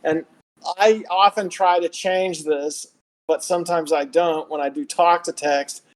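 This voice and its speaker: A man's voice: a little high, fairly even intonation, unhurried, low-quality recording. A man from the American South with a Southern accent, telling rambling stories in a casual podcast chat, with lots of restarts. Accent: Southern American, Texas. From Southern United States. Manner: rambling storyteller with many restarts. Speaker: podcast guest.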